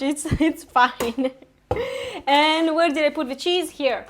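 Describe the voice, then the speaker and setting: A woman hosts a relaxed live cooking stream. Her voice sits high, and she chats loosely with viewers, giggling often at her own cooking. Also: slow, slight background noise. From Italy. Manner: chatty and giggly, laughs often at herself. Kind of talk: casual live-stream chat while cooking. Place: home kitchen.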